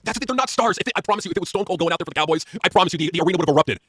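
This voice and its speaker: A man co-hosting a casual wrestling chat, ranting loud and profane. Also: sits high, animated, racing, husky, no echo, clean studio sound. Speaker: podcast co-host.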